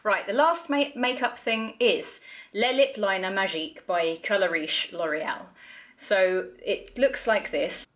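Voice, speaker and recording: A woman's voice: mid-range voice, unhurried, a bit bright. A young woman reviewing makeup and perfume in a casual vlog, chatty and blunt, swearing freely and poking fun at herself. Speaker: beauty vlogger.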